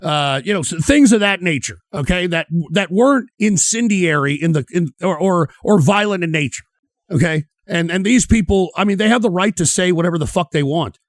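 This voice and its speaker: High-voiced man ranting, dry sound. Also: animated, fairly quick, dry recording. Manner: heated, sneering, swears constantly. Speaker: streamer reacting to clips. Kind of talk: profane ranting commentary.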